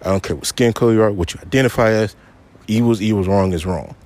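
Frustrated and upset, a man rants solo on his own podcast, cursing heavily and saying things again for emphasis. He talks fast in a somewhat low, slightly mellow voice.

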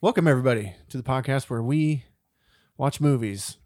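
A man's voice: medium pitch, fairly quick, no echo. Easygoing man in dry close chat. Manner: relaxed, easygoing, laughs along. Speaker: podcast co-host. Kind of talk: casual chat.

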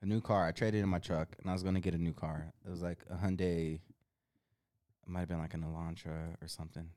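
A young man co-hosting a podcast, telling stories in a laid-back, swearing style that grows loud when he is indignant. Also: sits low, flat delivery, fast, no room sound, clean studio sound. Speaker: podcast co-host. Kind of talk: casual chat.

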